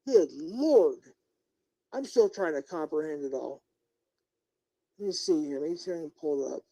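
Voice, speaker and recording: A man's voice: fairly high pitch, animated, normal speed, gravelly, dark tone, low-quality recording. A middle-aged man live-streaming as a YouTuber, ranting indignantly and talking straight to his viewers and chat. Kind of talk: unscripted livestream rant.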